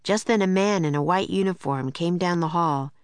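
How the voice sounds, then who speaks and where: A woman narrating a children's story in a measured, clear storytelling manner. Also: on the low side, no room sound. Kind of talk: audiobook narration.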